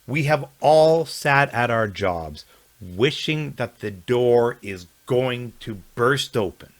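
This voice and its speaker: A man narrating a scripted essay in a measured, reflective way. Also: mid-range voice, animated. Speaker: podcast host.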